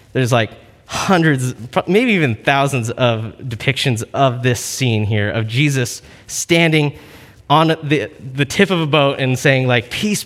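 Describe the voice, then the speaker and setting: Man, preacher, casual sermon, conversational, storytelling, filler words, medium pitch, long reverb.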